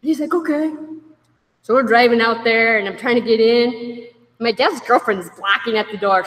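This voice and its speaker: A woman's voice: fairly high pitch, normal speed, a bit bright. A woman giving a candid personal testimony to a group, wry at her own past and acting out the voices of others as she tells it. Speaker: speaker sharing a recovery story. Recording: echoey hall.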